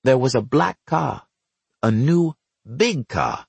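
A man reading an audiobook aloud in a measured, wry storytelling manner. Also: medium pitch, very animated, gravelly, breathy edge, dry recording. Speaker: narrator. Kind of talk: audiobook narration.

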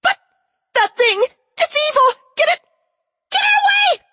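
A man voicing a terrified young female gnome prisoner in a squeaky, screaming voice, pleading in panic. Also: expressive, normal speed, a bit bright, dry recording. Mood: panicked.

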